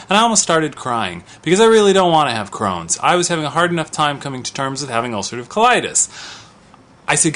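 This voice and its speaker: A man in his thirties delivering an impassioned opinion monologue to camera. His voice sits a little on the high side for a man, and he talks in an outspoken, conversational way, restarting sentences as he builds his case. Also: big pitch swings, quick pace, a bit bright. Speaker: vlogger.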